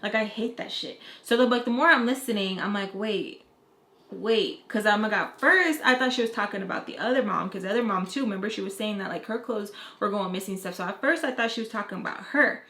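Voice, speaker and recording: A young woman vlogger telling a casual story in an animated, profane, rambling way. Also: mid-range voice, quick pace, few pauses. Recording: echoey room, faint noise.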